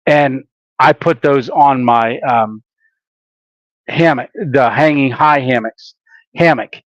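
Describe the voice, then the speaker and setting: A man's voice: medium pitch, takes it slowly, no echo. A man hosting a casual camping live stream, rambling along with lots of filler sounds and restarts. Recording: dull lo-fi dry sound.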